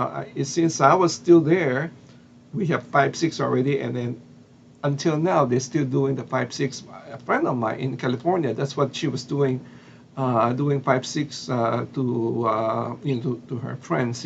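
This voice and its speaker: Filipino-accented man, gravelly voice, hesitant storytelling, many fillers, faint background hiss. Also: mid-range voice, muffled recording. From Philippines. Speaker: vlogger. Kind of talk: casual storytelling monologue.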